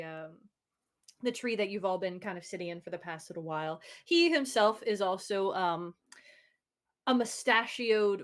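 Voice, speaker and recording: Woman game master narrating with laughter. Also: lowish voice. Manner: laughing, rambling narration with fillers.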